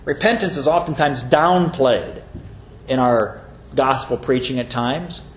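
A pastor delivers a sermon in a medium-pitched voice at a measured pace, earnestly reading scripture aloud and explaining it, now and then slipping into brief mocking voices. The room is echoey, with faint ambience and slight background noise.

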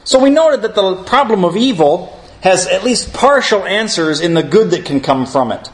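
A man with a somewhat high-pitched voice leads a theology lesson. He speaks earnestly and warmly addresses his class as friends while he teaches. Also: animated, moderate pace. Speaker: Bible teacher. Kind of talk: theology class lecture with opening prayer.

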